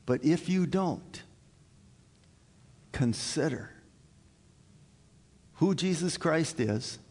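A man preaching a communion sermon as pastor, slow and earnest, building to emphatic high points. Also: expressive, a little mellow, in a large hall. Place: church sanctuary.

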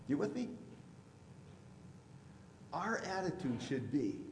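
A man preaching a sermon as pastor, now and then mimicking loud objectors. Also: mid-range voice, lively intonation, a little slow, vocal fry, a little hiss or hum. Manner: preachy, rising to loud mocking voices for imagined objectors. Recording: echoey hall with long reverb.

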